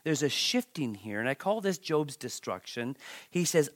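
A man preaching a Bible-teaching sermon, dramatic and halting, repeating words and restarting as he swings between loud outbursts and hushed near-whispers. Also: medium pitch, sing-song. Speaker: pastor.

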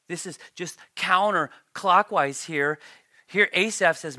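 Middle-aged male pastor, lively sermon delivery, bright forceful tone, dry close sound. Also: on the high side, unhurried, no echo. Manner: animated preaching, voice climbing when storytelling.

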